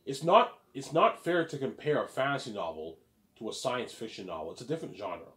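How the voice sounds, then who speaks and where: Very animated and fairly quick, this man's voice sits fairly low with a fairly bright tone. A self-published author and vlogger, he rambles proudly about his book, swearing freely and repeating himself while acting out imagined praise.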